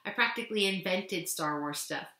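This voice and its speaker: A kind, joking ear doctor talks in an easy, reassuring way, read aloud by a woman. The voice is bright and forceful, carried in an echoey room. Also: mid-range voice, moderate pace, natural voice. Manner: friendly, reassuring, playful.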